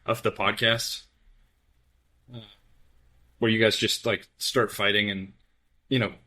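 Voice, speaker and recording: Male podcast co-host, slightly low pitch, forceful bright tone, playful and rambling; casual banter read. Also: little pitch movement, measured pace. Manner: playful, joking, rambling with restarts. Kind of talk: casual chat.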